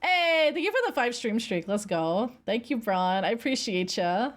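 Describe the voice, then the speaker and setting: At a normal speed, a woman streamer casually chats and spins a rambling, animated story for her viewers, squealing when she gets excited. Her voice is a little high.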